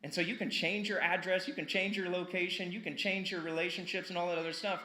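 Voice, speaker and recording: A male pastor delivering a sermon in a casual, energetic style, asking the congregation questions and repeating words for emphasis. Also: sits high, fast talker, echoey room. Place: church sanctuary.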